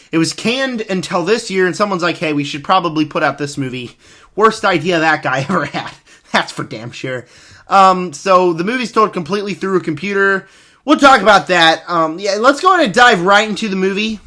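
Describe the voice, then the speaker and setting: A man reviewing a film in a casual spoken rant, sarcastic and mocking, swinging between animated exasperation and flat disbelief. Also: sits high.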